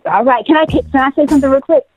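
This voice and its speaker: A woman, a singer guest, chatting casually in an interview, laughing often and talking in quick bursts. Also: high-pitched, a little mellow, rough recording.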